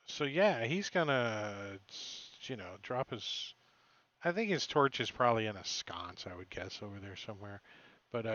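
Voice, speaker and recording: A man's voice: mid-range voice, a bit bright, muffled recording. A man narrating as dungeon master in a casual, swearing, joking way. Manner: casual, swearing, laughing often. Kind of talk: narrating a tabletop game.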